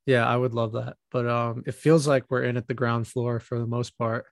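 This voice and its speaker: A man's voice: mid-range voice, level tone, normal speed, creaky, no echo, studio quality. A man co-hosting a music podcast, chatting casually and rambling with many fillers and restarts. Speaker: podcast co-host.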